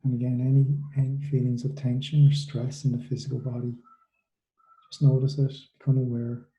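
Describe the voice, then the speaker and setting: A mindfulness coach for students leads a relaxation meditation, speaking soft instructions slowly with long pauses in between. His voice is very dark and mellow yet mid-range, delivered flatly with hardly any rise or fall. The room has an echo.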